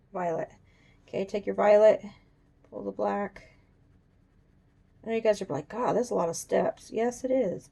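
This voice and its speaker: A woman hosting a coloring tutorial, chatting casually and thinking aloud as she works, even talking to her drawing. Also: mid-range voice, creaky. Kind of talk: casual demonstration while drawing. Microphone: camera on a tripod.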